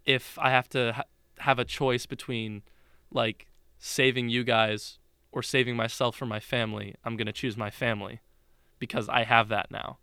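A playful, wisecracking superhero dad, as a man quotes him while retelling a film. He sounds bright and crisp in a dry room, with a loose, joking fatherly tone. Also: medium pitch, level tone, normal speed, dry recording. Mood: earnest.

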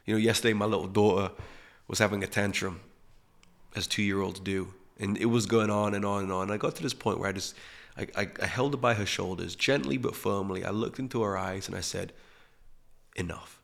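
A man hosting a podcast, giving a reflective spiritual teaching talk that drops to hushed emphasis. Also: lowish voice, a little fast, gravelly. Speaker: podcast host.

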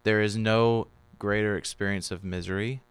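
A man's voice: lowish voice, fairly even intonation, moderate pace, clean tone, dry recording. A man in his twenties co-hosting a podcast, talking about faith in a preachy way and quoting scripture. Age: 20s. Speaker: podcast co-host. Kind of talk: casual faith conversation.

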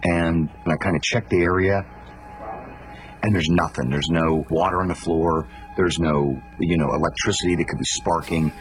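A man's voice: deep voice, fairly even intonation, normal speed, slight background noise. A man earnestly telling a first-person ghost story and building suspense, with music playing behind him.

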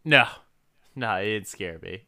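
A man's voice: lowish voice, expressive, measured pace, creaky, pushed and bright. A man co-hosting a podcast in casual chat, laid-back, laughing often and swearing casually. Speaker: podcast co-host.

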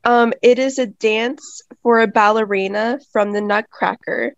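A woman co-hosting a podcast, reading a prepared music segment in a steady, informative way. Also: on the high side, unhurried, no echo, lo-fi sound. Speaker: podcast co-host.

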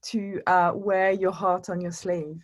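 Gentle woman host affirming a guest. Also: fairly low pitch, flat delivery, takes it slowly. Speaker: podcast host. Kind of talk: conversational chat.

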